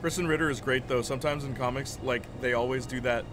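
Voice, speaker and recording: A man's voice: medium pitch, fairly even intonation, fast, noisy background. A young man streaming a video game, rambling casually and answering chat, laughing often. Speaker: gaming streamer. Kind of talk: casual chat while playing. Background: game music.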